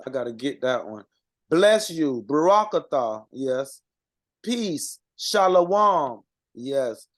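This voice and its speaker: A man giving an informal language lesson, reading out word lists and sounding out words with halting pauses and fillers. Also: medium pitch, big pitch swings. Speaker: co-presenter reading out vocabulary.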